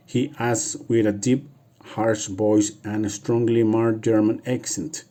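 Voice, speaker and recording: A man whose first language is Spanish reads a novel aloud for practice, halting and restarting words as he goes. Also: fairly low pitch, level tone, warm tone. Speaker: reader.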